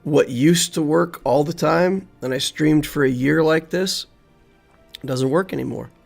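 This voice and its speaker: A man's voice: fairly high pitch, a little slow, creaky, faint music behind. A man streaming a video game, commenting live and thinking aloud as he plays, often muttering to himself.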